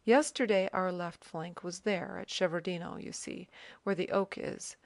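A proud, self-assured army officer eagerly explains and points things out in a dry, close audiobook reading, as a woman reads him. The voice sits a little low for a woman and is only a slight turn from her own. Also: fairly even intonation, normal speed, vocal fry, a little mellow, dry recording. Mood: explaining.

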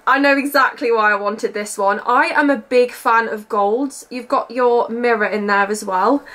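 A young woman, a beauty vlogger, chatting excitedly through an unboxing and gushing over every item. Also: on the high side, moderate pace. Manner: gushing, bubbly, repeats how excited she is.

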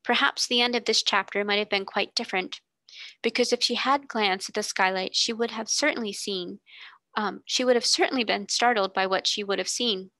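A woman tutor reading a classic novel aloud in a steady, expressive way. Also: medium pitch, moderate pace, no echo.

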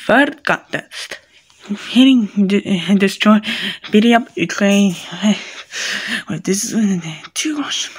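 A woman voicing every character of a homemade cartoon, excitable and broken in her phrasing, jumping between squeaky highs and gruff lows. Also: takes it slowly. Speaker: fan animator voicing all characters.

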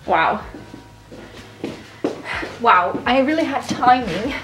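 A woman vlogger chatting casually to camera as she opens fan mail, gushing and excitable. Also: a little high, very slow. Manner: gushing, excitable, gasps and laughs often. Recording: echoey room with faint noise.

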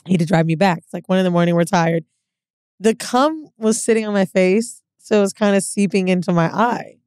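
A woman's voice: mid-range voice, fairly quick, clean tone, no room sound. Candid woman telling a story. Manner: candid, animated storyteller who acts out quotes. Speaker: podcast co-host. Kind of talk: casual chat, storytelling.

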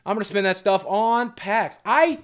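A man's voice: high-pitched, animated, moderate pace, a crowd in the background. A man streaming live, chatting casually and rambling as he thanks viewers.

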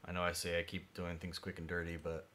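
Low mumbling man livestreaming CAD work. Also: completely flat delivery, fast talker, a little hiss or hum. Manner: mumbly, drifts quiet when concentrating. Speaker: livestreaming maker doing CAD design. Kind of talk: thinking-aloud livestream narration.

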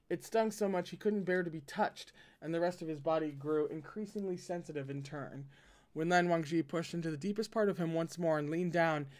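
A man reading a novel aloud and breaking off into casual commentary. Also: a little high. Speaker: reader and commentator.

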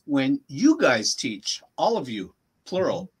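A man teaching a language lesson, saying phrases slowly and carefully and then explaining them in English. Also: mid-range voice, wildly swooping pitch, slightly rough.

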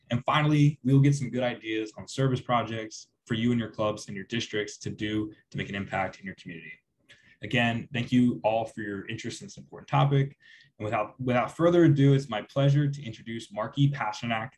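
A man opens an online event with a prepared introduction of the guest speaker. His voice sits on the low side, and he speaks at a steady, scripted pace over a video call. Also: slight background noise, poor audio. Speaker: event host.

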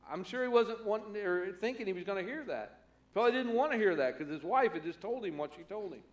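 A man's voice: high-pitched, animated, brisk, fairly bright tone, reverberant. A man preaching a conversational sermon as pastor, acting out the voices he quotes. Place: church sanctuary.

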